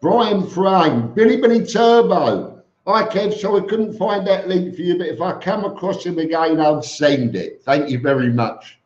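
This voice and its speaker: Male live-stream host, slow and chatty, in an echoey room, muffled lo-fi sound. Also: high-pitched, expressive, a little mellow. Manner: greets viewers by name, chatty. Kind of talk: casual live stream chat reading comments. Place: home room with fans on.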